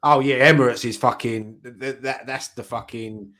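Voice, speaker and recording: Relaxed bloke chatting about flights, swears a bit. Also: male voice, medium pitch, moderate pace. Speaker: fan channel co-host. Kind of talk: casual pub chat.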